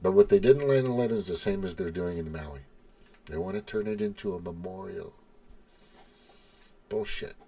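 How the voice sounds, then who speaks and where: A man's voice: deep voice, dark tone. Angry, profane man ranting. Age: adult with children. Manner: profane, heated, repeats himself. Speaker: podcast host.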